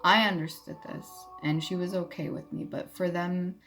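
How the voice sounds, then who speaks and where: A woman's voice: lowish voice, fairly even intonation, normal speed, a bit bright. A young adult woman telling a personal story casually, blunt and candid, swearing freely. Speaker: vlogger. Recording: music playing behind.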